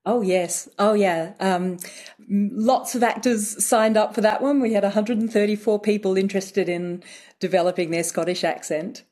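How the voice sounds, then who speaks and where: A woman accent coach interviewed on radio, explaining thoughtfully with frequent ums and pauses. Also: medium pitch, fairly even intonation, a little mellow.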